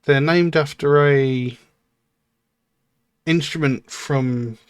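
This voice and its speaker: A man hosting a music reaction channel, thinking aloud in casual commentary, with many pauses and fillers as he muses over a track. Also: on the high side, clean tone, no room sound, clean studio sound.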